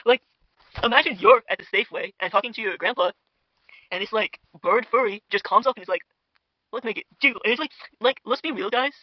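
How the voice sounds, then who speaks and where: High-voiced rambling young man. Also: quick pace, no echo, lo-fi sound. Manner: rambling, gossipy, filler-heavy, mock-outraged. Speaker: commentary video host. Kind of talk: parody internet drama commentary. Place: home dinner table. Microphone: podcast mic.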